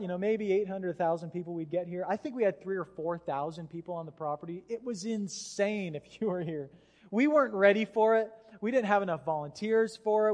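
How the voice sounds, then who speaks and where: A pastor preaching a sermon, telling a story with lively acted-out voices. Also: male voice, high-pitched. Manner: animated storyteller, acts out voices. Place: church hall. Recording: hall reverb.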